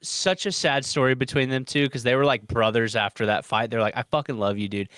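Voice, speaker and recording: Man, medium pitch, casual podcast talk, animated, dry recording. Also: fairly quick, no echo. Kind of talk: casual chat.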